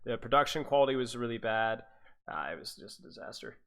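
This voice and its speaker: A man's voice: medium pitch, expressive, fairly quick, a bit bright, clean tone. A man and esports coach chatting casually on a livestream, rambling, repeating himself and laughing to his viewers. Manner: talks to chat viewers.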